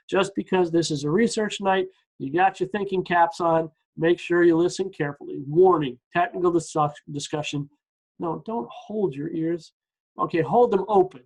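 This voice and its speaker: A man with a somewhat high voice teaches a Bible research night. He reads quoted passages with emphasis and keeps interrupting himself with asides and restarts. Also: low-quality recording. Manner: lively, quotes sources, frequent restarts and asides.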